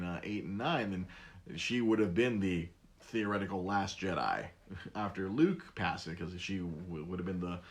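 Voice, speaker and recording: A man hosting a podcast, rambling casually with frequent restarts. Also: low-pitched. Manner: rambling, many restarts, animated. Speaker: podcast host.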